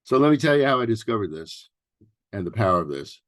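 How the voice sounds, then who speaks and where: A man in his sixties from New York City giving a relaxed workshop talk as a therapist, mixing advice with personal stories and often pausing on fillers and restarts. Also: fairly low pitch, no room sound, studio quality. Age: 60s. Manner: loose and conversational, with many fillers and restarts. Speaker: workshop presenter, family therapist.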